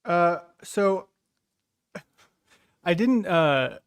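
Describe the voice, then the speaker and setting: This man answers in fits and starts, stumbling through fillers, then hits back sharply when pushed. His voice is fairly high for a man. The recording is close and dry, with no room in it. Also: animated, very slow, smooth, no echo. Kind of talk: heated argument.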